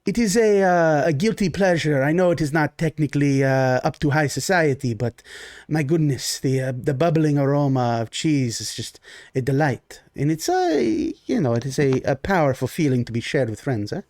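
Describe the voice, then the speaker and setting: A man's voice: on the high side, lively intonation, moderate pace, darkish tone, no echo, studio quality, natural voice. A man voicing a gracious, refined male baron who hosts guests courteously, speaking formally and often ending with "eh?". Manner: formal, polite, ends lines with "eh?".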